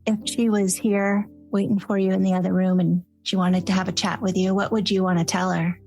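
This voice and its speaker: A woman hosting a podcast, asking gentle, encouraging questions. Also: medium pitch, level tone, fairly quick, gravelly, soft background music. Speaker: podcast host. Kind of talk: gentle interviewing.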